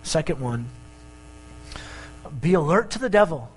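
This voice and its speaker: Lively, joking male preacher. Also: a little high, a little slow, a little hiss or hum, low-quality recording. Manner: animated preaching with jokes and asides. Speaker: pastor. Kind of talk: sermon.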